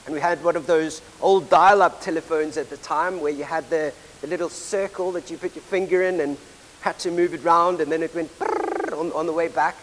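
A man from Africa, giving a sermon as a preacher in a measured, deliberate way with a storytelling touch. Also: fairly high pitch, fairly even intonation, a bit bright. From South Africa. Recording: reverberant hall with faint hiss.

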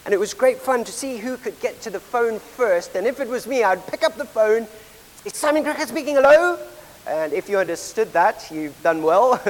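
A man from Africa, giving a sermon as a preacher in a measured, deliberate way with a storytelling touch. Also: sits high. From South Africa. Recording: reverberant hall with faint hiss.

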